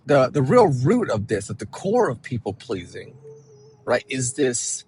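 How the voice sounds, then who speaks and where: A man, a counselor, giving an emphatic, animated motivational talk and often checking in with "right?". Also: medium pitch, unhurried, slight background noise, poor audio.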